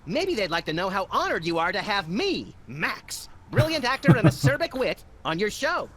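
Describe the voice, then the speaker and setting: A manic rabbit-like game sidekick, brash and self-obsessed. His voice is bright and edged, swinging hugely up and down in pitch. He delivers every boast with gleeful deadpan. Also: moderate pace, heavily acted. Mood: smug. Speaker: game character.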